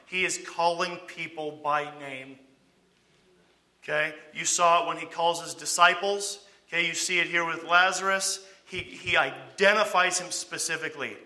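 A man with a higher-than-usual, very sharp and bright voice leads a Bible study at normal speed with fairly even intonation. He keeps it conversational, checking in with "okay?" and tossing out rhetorical questions.

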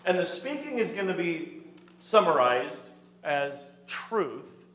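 Man, fairly high voice, Bible class teacher, quizzing the group, reverberant hall. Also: big pitch swings, takes it slowly, fairly bright tone. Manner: questions the class, reads scripture aloud. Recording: echoey hall.

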